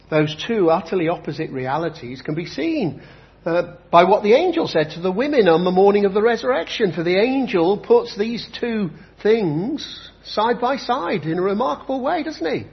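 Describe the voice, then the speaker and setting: A man preaching a sermon with emphatic delivery, repeating key phrases slowly for effect. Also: high-pitched, lively intonation. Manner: emphatic, with slow dramatic repetitions. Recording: dull lo-fi recording.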